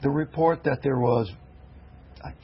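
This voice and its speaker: A man co-hosting a TV morning show, asking his questions carefully and at a measured pace. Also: medium pitch, a crowd in the background. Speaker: co-host. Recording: slightly dull TV broadcast audio.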